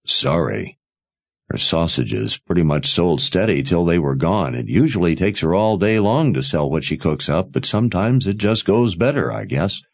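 A man's voice: sits low, big pitch swings, moderate pace, gravelly, dry recording, heavily acted. A man voicing a friendly, concerned young wine seller who talks easily. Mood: kindly.

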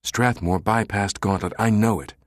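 A man voicing a sharp, bossy young woman who talks with exasperated, pointed delivery. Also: on the low side, steady tone, normal speed, no echo, clean studio sound, lightly acted.

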